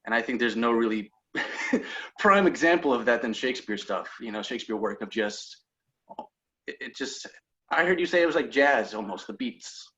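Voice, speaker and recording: A male host asking a long, halting question in a casual interview. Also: medium pitch, animated, a bit bright, muffled recording.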